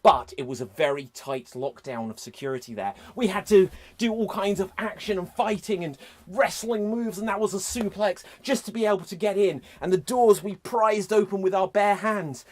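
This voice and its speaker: A man improvising an over-the-top dramatic story, swinging from hushed narration to shouts. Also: high voice, normal speed, hardly any pauses. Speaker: improv performer. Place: live online improv show.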